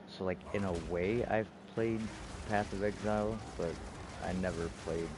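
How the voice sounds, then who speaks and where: A man's voice: sits low, steady tone, a little slow, background noise. A man streaming in casual gaming chat, rambling and profane, restarting his sentences often.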